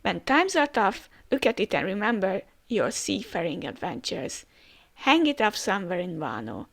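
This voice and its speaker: A woman's voice: mid-range voice, sing-song, normal speed, gravelly. A woman voicing a brash young male pirate captain as she reads a comic aloud. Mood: earnest. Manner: boastful and blunt.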